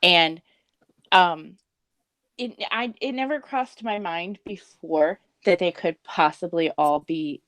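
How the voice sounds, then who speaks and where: A woman co-hosting a podcast in measured, giggly casual chat. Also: fairly low pitch, fairly bright tone, no room sound. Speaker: podcast co-host.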